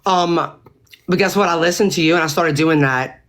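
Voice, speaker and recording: A woman's voice: lowish voice, moderate pace. A woman hosting her own livestream, venting in an angry, exasperated rant full of swearing. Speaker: livestream host.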